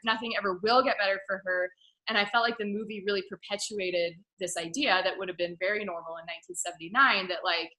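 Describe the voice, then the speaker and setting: A woman co-hosting a casual film discussion, talking with passion and acting out characters in loud mock voices. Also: medium pitch. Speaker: film podcast co-host. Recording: roomy echo.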